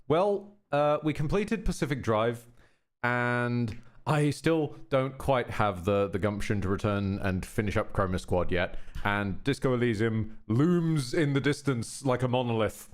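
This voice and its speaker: A man's voice: mid-range voice, animated, measured pace. A man live-streaming a game, chatting casually and wryly with his chat. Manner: chatty, wry, self-mocking, thanks chat.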